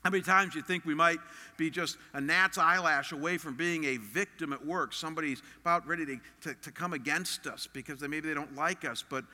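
A man's voice: fairly high pitch, a little fast, pushed and bright, big-room sound. A man preaching a sermon as a pastor, earnest and emphatic in a conversational way.

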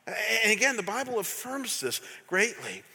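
A man's voice: high-pitched, sing-song, normal speed, gravelly, sharp tone, breathy edge. A middle-aged man preaching a passionate sermon as pastor, emphatic and quizzing the congregation. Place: church sanctuary. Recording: long hall reverb.

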